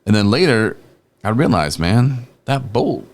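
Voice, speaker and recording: A man's voice: fairly low pitch, unhurried. A man on a recovery talk show, telling rambling stories in a casual, laughing chat and acting out other people's lines. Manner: rambling, laughing, quotes people in lively voices. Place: podcast studio.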